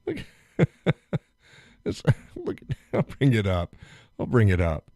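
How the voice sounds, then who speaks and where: Rambling, joking man, lively pitch. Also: slow, long pauses, no room sound, studio quality. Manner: rambling, joking, laughs often, gets loud and worked up. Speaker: live stream host. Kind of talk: casual live-stream chat.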